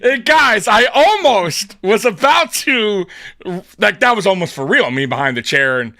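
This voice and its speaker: A man's voice: high-pitched, big pitch swings, measured pace, bright, forceful tone, dry recording, clean studio sound. A man hosting a casual sports talk show, heated and swearing often, with frequent laughter. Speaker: podcast host.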